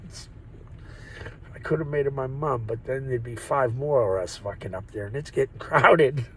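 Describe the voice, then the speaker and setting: A man's voice: medium pitch, normal speed, fairly bright tone, slight background noise, rough recording. A man talking into his phone in a rambling, profane, joking monologue that keeps wandering off topic. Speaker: vlogger. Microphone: phone or camera mic.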